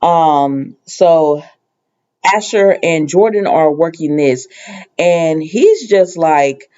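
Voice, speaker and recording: Mellow-voiced woman rambling through a recap. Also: sits low, animated, drawn-out words, dull audio. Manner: rambling, full of ums and restarts; conversational, sometimes exasperated asides. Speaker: TV recap host. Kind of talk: casual episode recap.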